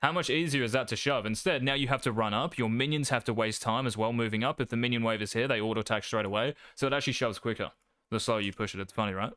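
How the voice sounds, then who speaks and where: Swearing freely, a brash young coach rattles through gameplay commentary quickly and with total confidence. His voice sits in the mid range, bright and forceful yet crisp and smooth. There is no echo at all; the sound is close and dry.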